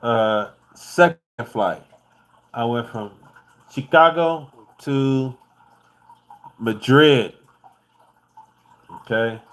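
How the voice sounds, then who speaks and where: Man, from the United States, casual travel vlog, profane, laid-back, mid-pitched voice. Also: extremely slow, pauses often, a bit bright, clean tone. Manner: loose, profane and laid-back, laughs often. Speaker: vlogger.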